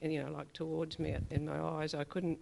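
A woman's voice: deep voice, flat delivery, brisk, creaky, mellow. An older woman tells her church about a recent experience. Her storytelling is chatty and meandering, full of small asides. She brings her story to life by acting out the voices of the people she met. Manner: chatty storytelling, acts out quoted dialogue. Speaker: church member giving a testimony. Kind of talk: spoken testimony at a church meeting.

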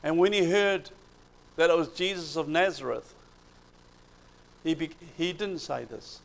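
A man preaching a sermon, retelling Bible stories with animated emphasis and swings in loudness. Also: a little high, a little slow, creaky, pauses often, low-quality recording.

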